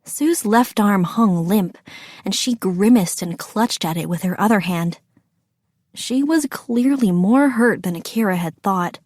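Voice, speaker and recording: Woman narrator, slow and deliberate, dry close sound, storybook read. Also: mid-range voice, darkish tone, no echo.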